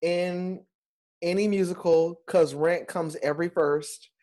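A Broadway performer, a man, talks in a casual chat. He tells his stories with energy and emphasis, his voice swinging high and low. His delivery is loose and lively. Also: takes it slowly. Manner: animated, emphatic storyteller.

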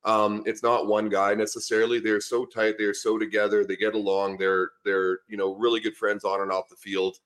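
A middle-aged Canadian man, once a lineman and coach, chats easygoingly as a podcast guest. His voice sits on the low side, level and a bit bright, at normal speed with hardly any pauses, as he rambles through stories packed with fillers and restarts.

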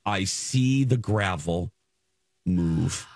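A man's voice: on the low side, slow pace, dry recording. Radio host guy telling a story, all worked up, keeps tripping over his words, dry close sound. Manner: animated, stumbling repeats while reliving the moment. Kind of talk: casual storytelling chat.

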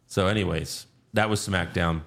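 A man's voice: sits low, steady tone, normal speed, vocal fry, a bit bright, echoey room. A man co-hosting a casual wrestling podcast, joking and swearing, often slipping into mock voices. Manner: laughing, swearing, bursts into mock impressions. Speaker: podcast co-host. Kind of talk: casual wrestling recap chat.

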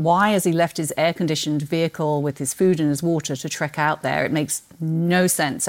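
A British woman with a trace of an Australian twang, a podcast guest who describes books with enthusiasm and laughs often. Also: low voice. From Britain. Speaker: guest, book marketing executive. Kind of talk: casual podcast conversation.

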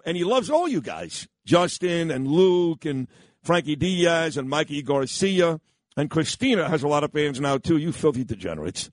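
A brash, rambling radio host. His voice sits a little high for a man and comes from a close studio mic. The room sounds dead and dry, with no echo. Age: 50s. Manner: brash, self-mocking, rambling. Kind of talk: morning talk radio banter.

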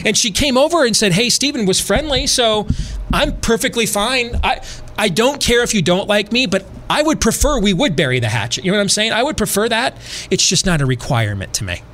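Podcast host, male, slightly high voice, animated and repetitive, dry asides. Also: fairly quick, a little hiss or hum. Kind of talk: casual storytelling.

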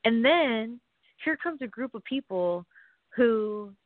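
A chatty woman rambles through a story for her vlog, piling on fillers and side remarks. She dips into hushed whispers and then breaks out loudly. The sound is thin and phone-like, with a dry, close feel. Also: a little high, animated, slow pace, no room sound. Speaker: wrestler.

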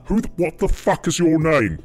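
A man's voice: on the high side, sing-song, normal speed, faint music behind. A man voicing a foul-mouthed English gangster who swears and taunts a prank caller, putting on an English accent. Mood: aggressive. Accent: put-on English.

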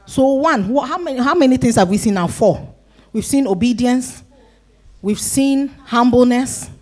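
Woman pastor, animated preacher who acts out crowd voices. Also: fairly high pitch, moderate pace. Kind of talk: sermon.

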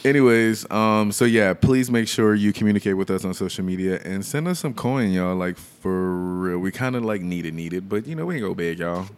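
A young man co-hosting a podcast in loose, laid-back chat, laughing often and slowing down when reading out details. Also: fairly low pitch, clear, resonant tone. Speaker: podcast co-host. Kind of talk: casual chat.

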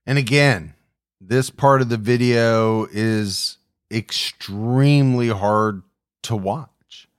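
A man co-hosting a true crime podcast, talking in a measured, somber way with small restarts. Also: mid-range voice, smooth, no room sound, studio quality. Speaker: podcast co-host.

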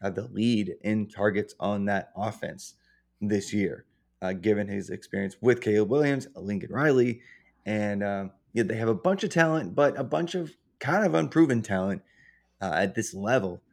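A man with a low, gravelly voice co-hosting a sports podcast. He works through his football takes casually, stopping to restart with plenty of uhs. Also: moderate pace, darkish tone. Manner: hesitant, many uhs and restarts. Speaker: podcast co-host.

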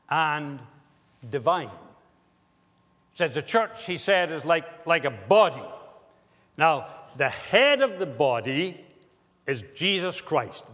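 A pastor delivers his sermon at an unhurried, deliberate pace, leaning on pauses for emphasis. His voice sits a little high for a man. It rings out with a long reverb, as if from a large church sanctuary. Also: fairly bright tone.

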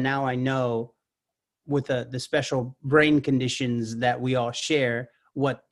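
A man in his thirties, a guest actor and musician, talking candidly and reflectively in a casual podcast conversation. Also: mid-range voice. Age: 30s. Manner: candid, reflective, speaks in long winding thoughts.

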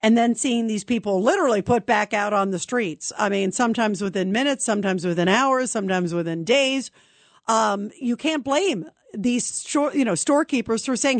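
A woman's voice: on the high side, normal speed, no echo. A woman hosting a call-in radio talk show, chatting with callers and asking their views. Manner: conversational, asks callers questions.

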